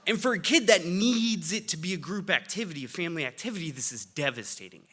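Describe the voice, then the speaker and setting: A middle-aged man telling a comic family story on stage, animated, with loud bursts of excitement. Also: high voice, quick pace. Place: stage before a live audience.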